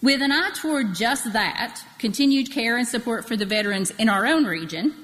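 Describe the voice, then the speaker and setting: A woman's voice: a little high, animated, moderate pace, a bit bright, in a large hall, poor audio. A woman presenting a scripted local history segment on a radio program.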